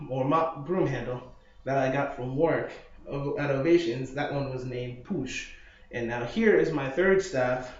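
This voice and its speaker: A young man chats through a casual video diary, rambling from story to story and acting out what people said. His voice sits a little high. The recording is muffled and very echoey, as if made in a bare apartment living room. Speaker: vlogger.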